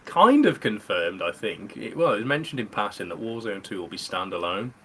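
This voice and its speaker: A man's voice: lowish voice, very animated, a little fast, pushed and bright, low-quality recording. A man in his thirties from the UK, hosting a casual gaming podcast with friends, chatty and rambling, laughing often. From United Kingdom. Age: 30s. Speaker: podcast host. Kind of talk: casual chat among friends.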